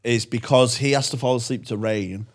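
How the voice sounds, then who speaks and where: A man co-hosting a comedy podcast in loose, rambling chat. He sits in an ordinary middle pitch and keeps a playful tone throughout. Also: normal speed. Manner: rambling, playful, acts out quoted voices. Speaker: podcast co-host.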